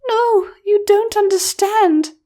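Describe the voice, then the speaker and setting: A tiny, frightened filly princess from a storybook, calling out in a high, breathless rush, as a woman narrator puts her on. Her voice sits far above an adult's, small and pleading. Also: a little slow, darkish tone. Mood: urgent. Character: frightened little filly princess, urgent and groggy. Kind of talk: audiobook character voice.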